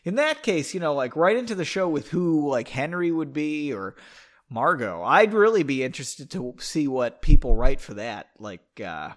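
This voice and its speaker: A man's voice: fairly high pitch, sing-song, moderate pace. A man hosting a casual podcast where he reads his own book and comments on it, rambling, self-mocking and trailing off.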